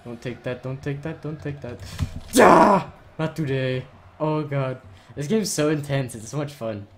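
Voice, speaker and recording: A man hosting a gaming channel, giving excited live commentary over his own match, often yelling and laughing at plays. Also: mid-range voice, normal speed, slight background noise.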